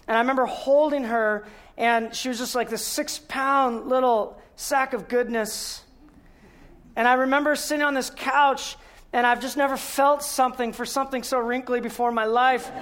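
A man giving a sermon, telling the story with rhetorical questions and earnest emphasis, sometimes dropping to a hushed voice. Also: very high voice. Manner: storytelling, asks rhetorical questions and answers them. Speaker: guest speaker.

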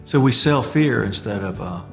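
A man's voice: on the low side, animated, normal speed, creaky, faint music behind. A man in casual conversation about faith, telling a story with lots of restarts and fillers.

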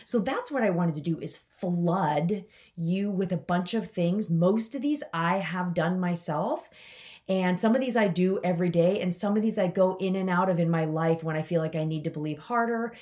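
A woman hosting a motivational podcast, talking casually and with enthusiasm, and jumping up in pitch when she acts out quoted lines. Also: moderate pace, darkish tone. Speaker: podcast host.

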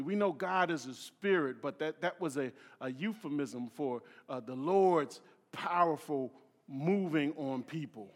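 A male preacher from Philadelphia, his voice on the high side, animated and a little slow, reads scripture aloud and explains it in a sermon. He frequently stumbles, repeats words, restarts, and uses many fillers. The recording carries a long hall reverb.

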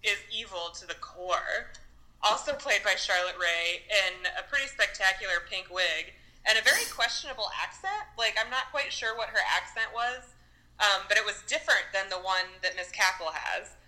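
A woman's voice: medium pitch, lively intonation, moderate pace, sharp tone, low-quality recording. A woman co-hosting a casual film review chat, recounting scenes in a chatty, filler-heavy way. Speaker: podcast co-host reviewing a film.

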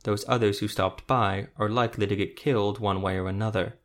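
A man voicing a grizzled male witcher monster hunter who speaks gruffly and tersely, a little lower than his narrating voice. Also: steady tone, a little fast, a bit bright.

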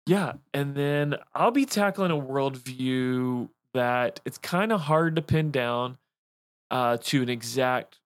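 A man's voice: mid-range voice, slow, smooth, no echo. A man, a pastor co-hosting a church podcast, talking casually with frequent ums, restarts and dry humor. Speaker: lead pastor, podcast co-host. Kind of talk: casual chat.

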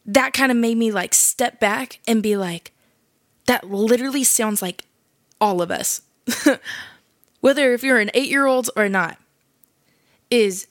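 A woman's voice: on the high side, measured pace, pauses often, dry recording, clean studio sound. A young woman hosting a casual faith podcast, chatty and slangy, laughing often as she tells a story. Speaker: podcast host.

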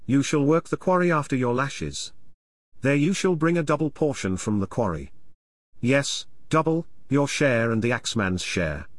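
A man's voice: medium pitch, lively intonation, normal speed, no echo, close to an everyday voice. Man voicing a cold cruel Viking lord. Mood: cold menacing. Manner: cold, commanding, contemptuous.

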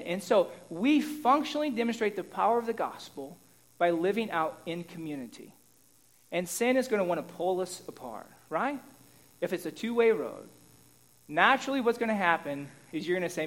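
This pastor's sermon feels like a conversation: he often checks on his listeners and swings from booming emphasis to soft asides. His voice sits high, he's very animated, and he talks at a normal speed.

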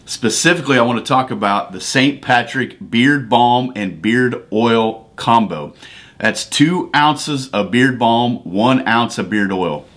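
Man, podcast host, preacherly and emphatic, mid pitch, dry close mic. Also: slow pace, fairly bright tone, no echo. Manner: conversational, preacherly, rising emphatic bursts. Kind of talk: devotional podcast teaching.

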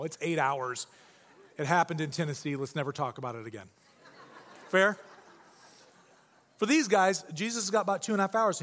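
A man preaching a sermon in church, animated and joking in a conversational way. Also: high-pitched, in a large hall. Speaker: pastor.

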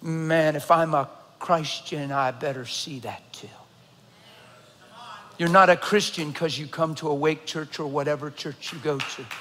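A man preaching a sermon as a pastor, telling a story with loud excited bursts and hushed earnest stretches. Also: a little high, unhurried. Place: large church hall. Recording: reverberant church hall.

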